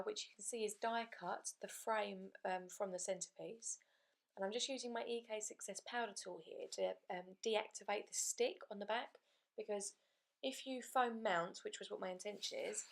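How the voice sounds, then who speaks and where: A woman's voice: mid-range voice, vocal fry. A woman hosting a card-making channel, talking through a crafting tutorial voice-over in a chatty way and explaining each step as she goes.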